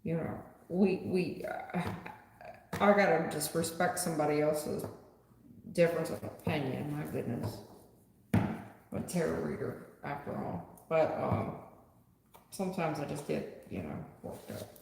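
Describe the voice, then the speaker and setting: A woman's voice: low voice, unhurried, gravelly, long pauses, a little mellow, a little hiss or hum. A woman tarot reader chatting bluntly with viewers on a live stream. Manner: blunt, chatty, talks straight to the chat. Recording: echoey room with long reverb.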